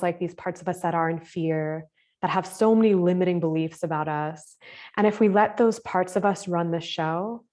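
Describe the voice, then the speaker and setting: A woman teaching a spiritual class live over a video call, with a voice pitched a bit low. She speaks gently and casually and often leans on filler words. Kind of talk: live online masterclass.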